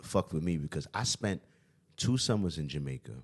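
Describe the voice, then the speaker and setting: A man's voice: a bass voice, lively intonation, moderate pace, slightly rough. A man hosting a casual podcast chat, loose and repetitive, swearing freely. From New York. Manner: loose, swearing, repeats himself. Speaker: podcast host.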